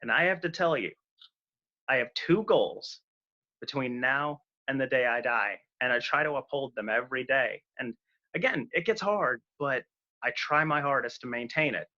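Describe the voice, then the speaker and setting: A man's voice: mid-range voice, normal speed, bright, forceful tone. Upbeat young man on a lo-fi call. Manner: upbeat, affectionate. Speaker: guest. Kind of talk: casual chat. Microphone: video call. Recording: lo-fi video call audio.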